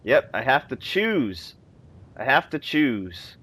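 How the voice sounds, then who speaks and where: A man's voice: medium pitch, very animated, slow, fairly bright tone, slightly rough, poor audio. A young man chatting casually while playing a video game, reading the game text aloud and laughing at himself. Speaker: let's play host. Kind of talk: casual gameplay commentary.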